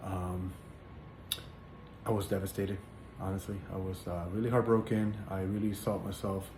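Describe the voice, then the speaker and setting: A man sharing a personal religious testimony in casual spoken storytelling, earnest and halting, with many fillers and repeated words. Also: sits low, little pitch movement. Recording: echoey room with faint background noise.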